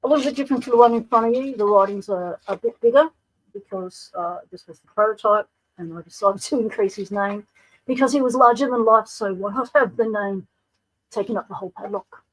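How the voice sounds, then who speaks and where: A woman's voice: medium pitch, fairly quick, poor audio. A woman with an Australian accent hosting a casual livestream, chatting and greeting viewers by name. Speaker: livestream host.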